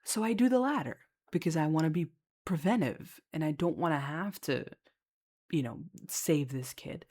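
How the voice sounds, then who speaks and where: A woman's voice: sits low, moderate pace, darkish tone. A woman who works as a lifeguard, chatting casually and candidly about her job, swearing freely and filling her talk with fillers. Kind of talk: casual storytelling chat.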